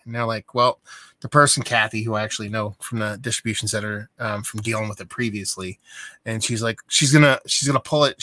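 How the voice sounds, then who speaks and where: A young adult man talks straight to camera in a casual vlog, rambling and exasperated as he tells his story. His voice is bright and forceful, and the sound is dry and close, with no room echo. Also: medium pitch. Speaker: beer vlogger.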